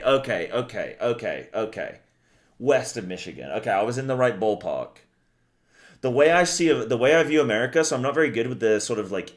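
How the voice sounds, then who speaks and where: A tired young man streaming a game, rambling and swearing casually as he chats with viewers. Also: medium pitch.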